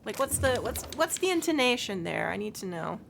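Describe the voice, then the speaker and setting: A woman's voice: on the high side, big pitch swings, a little fast, gravelly, fairly bright tone, slight background noise. A woman streaming a video game, chatting to herself and her pets, squealing and swearing as she plays. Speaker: let's play streamer. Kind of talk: casual gaming commentary.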